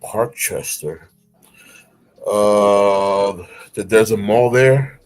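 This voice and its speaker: A middle-aged man, chatting casually on a stream and telling stories with animated, playful voices. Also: very slow, slight background noise. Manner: animated storytelling, breaks into silly high-pitched voices. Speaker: streamer host. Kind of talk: casual chat. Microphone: streaming mic.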